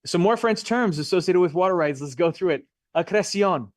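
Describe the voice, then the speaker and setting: A man's voice: sits high, animated, brisk, dry recording, studio quality. A middle-aged man teaching a live real estate license class in a Florida classroom, chatty and jokey, often quizzing his students.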